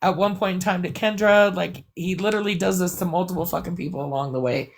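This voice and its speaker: Woman, gravelly voice, blunt and profane, rambling live-stream venting. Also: on the low side, fast talker, a little hiss or hum. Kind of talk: casual venting chat.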